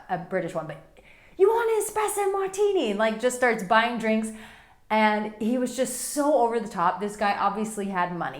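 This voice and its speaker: A woman dating coach giving advice to men straight to camera, animated and playful, acting out little quotes and stretching words for emphasis. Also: mid-range voice, roomy sound. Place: Monaco.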